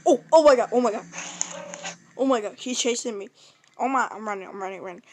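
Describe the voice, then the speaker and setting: A woman giving playful, excitable commentary while playing a video game, taunting and laughing as she goes. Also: on the high side, fast, long pauses. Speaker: gamer.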